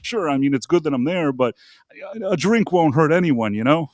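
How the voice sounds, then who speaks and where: A man's voice: on the high side, expressive, a little fast, darkish tone, no echo. Rambling male podcast host, dry sound. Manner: rambling, many fillers and asides. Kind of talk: casual storytelling on a live show.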